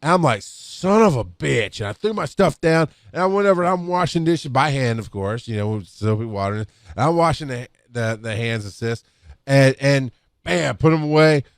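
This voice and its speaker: A man's voice: medium pitch, moderate pace, clean tone, no echo, clean studio sound. Rambling man telling work stories. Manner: rambling, with restarts and acted-out quotes. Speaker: EMS instructor on a podcast. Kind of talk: casual storytelling talk. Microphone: podcast microphone.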